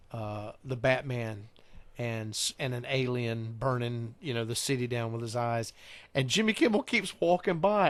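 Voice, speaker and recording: A man's voice: mid-range voice, a bit bright, no room sound. Man, podcast host, rambling storyteller, dry close sound. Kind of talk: casual chat.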